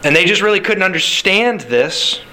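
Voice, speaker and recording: A male pastor preaching a sermon in an animated, conversational way, full of rhetorical questions. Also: sits high, normal speed, a little hiss or hum, low-quality recording.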